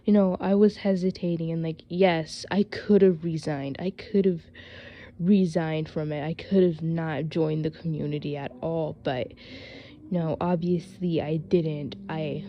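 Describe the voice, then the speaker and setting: Exasperated woman vlogger, rambling storytime delivery, lowish pitch, faint hiss on a dull mic. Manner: rambling, filler-heavy, exasperated. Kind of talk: casual storytime vlog.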